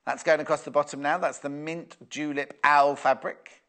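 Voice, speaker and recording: A man's voice: fairly high pitch, steady tone, moderate pace, a bit bright. A man presenting fabrics on a live shopping channel, chatting and musing aloud as he reads out viewer messages. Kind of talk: live sales demonstration.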